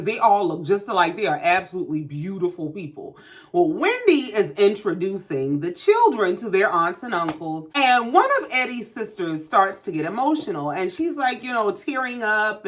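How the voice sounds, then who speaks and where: A woman casually recapping a reality show with sassy, profane commentary. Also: mid-range voice.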